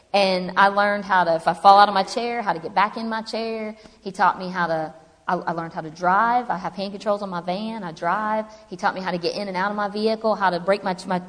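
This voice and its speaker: Woman, humorous testimony speaker, mid pitch, reverberant hall. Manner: chatty, humorous, animated storytelling. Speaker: speaker telling her story. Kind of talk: personal testimony to a live audience.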